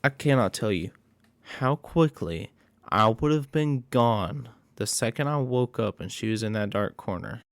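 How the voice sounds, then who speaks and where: A man giving a casual recap of a horror movie, excitable and profane. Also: mid-range voice, a little slow, dry recording, studio quality.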